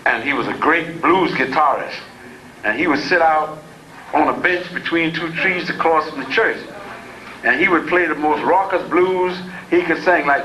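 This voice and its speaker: A man's voice: a little high, moderate pace, roomy sound, crowd noise, poor audio. A man giving a lecture in a folksy, digressive and humorous storytelling way.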